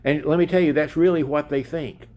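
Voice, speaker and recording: A man's voice: fairly high pitch, steady tone, brisk, dark tone. A man preaching a sermon in an emphatic way, asking his listeners direct questions.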